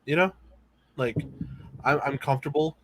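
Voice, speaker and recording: A man's voice: a little high, moderate pace. A man co-hosting a casual podcast, chatting in a laid-back, profane way. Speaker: podcast co-host. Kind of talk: casual chat.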